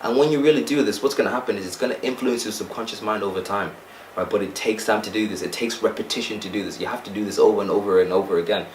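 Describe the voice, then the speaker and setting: A man's voice: lowish voice, quick pace, echoey room, recorded from a distance, slight background noise, low-quality recording. A young man giving an earnest motivational talk to camera, often checking in with "right?". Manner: earnest, repeats points with "right?" and "okay?". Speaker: self-help vlogger.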